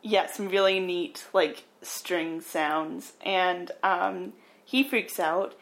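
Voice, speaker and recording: A woman's voice: on the low side, very slow, gravelly, a bit bright. A woman co-hosting a podcast, recapping a film in a laid-back way, laughing easily and filling her sentences with "like" and "um". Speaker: podcast co-host. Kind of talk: casual chat recapping a film.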